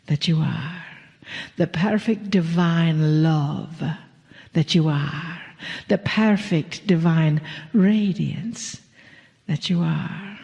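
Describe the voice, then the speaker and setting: A woman channeling a spiritual message to a live audience. She speaks as a collective "we" in a slow, soothing way and often slips into whispers. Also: low-pitched, warm tone, highs cut off. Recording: long hall reverb.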